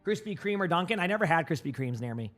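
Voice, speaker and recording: A man from Massachusetts without a regional accent, rambling casually to his live-stream chat with lots of filler words and quick answers to viewers. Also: fairly high pitch, animated, a bit bright, faint music behind.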